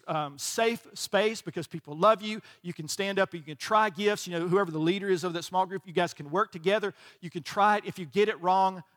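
A man's voice: sits high, fairly bright tone. A middle-aged male pastor preaching a sermon in a chatty, storytelling way, often checking in with "right?". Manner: conversational, storytelling, frequent "right?" asides.

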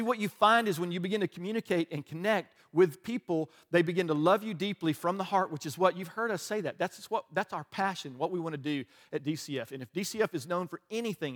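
A man, a pastor preaching a conversational, joking sermon and often asking his listeners "right?". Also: high-pitched.

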